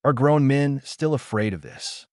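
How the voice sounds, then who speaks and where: A man's voice: mid-range voice, unhurried, no room sound, clean studio sound, voice pushed up, lightly acted. A man voicing a shrewd, laid-back male basketball coach who talks in an easygoing, knowing way. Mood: amused.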